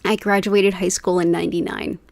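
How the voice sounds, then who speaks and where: A woman's voice: medium pitch, little pitch movement, fairly quick, creaky, darkish tone, dry recording. Host, woman, 40s, rambling casual chat, dry close mic. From United States. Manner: chatty, rambling, says "like" often. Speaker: Reiki livestream host. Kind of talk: casual chat with live viewers.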